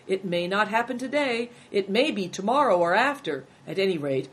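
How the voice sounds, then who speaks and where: A woman's voice: on the low side, lightly acted. Woman doing a fawning, chattering male innkeeper. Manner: obsequious, rambling, proverb-spouting. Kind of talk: audiobook character voice.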